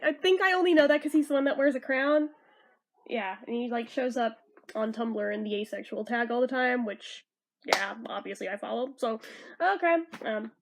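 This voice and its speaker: A young woman with a high voice chats through a comic as a fan. She is animated and swears freely between the panels. She reads the characters' lines in a plain, offhand voice. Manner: animated, swearing, laughing asides. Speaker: fan reviewer reading a comic aloud. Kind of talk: casual comic read-through.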